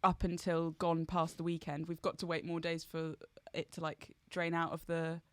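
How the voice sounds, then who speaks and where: A woman's voice: low voice, completely flat delivery, normal speed, smooth, dry recording. Wry woman producer chatting. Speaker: podcast producer. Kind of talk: casual chat.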